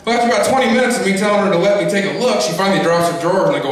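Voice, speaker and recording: A man's voice: high voice, rapid-fire, hardly any pauses. A man doing a stand-up comedy set on a club stage, ranting grumpily and crudely. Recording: echoey club from far off.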